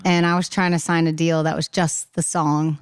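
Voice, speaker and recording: Chatty woman, low and smooth. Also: level tone, normal speed, no room sound, studio quality. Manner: chatty, laughing, acts out quoted voices. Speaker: singer-songwriter guest. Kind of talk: casual podcast chat.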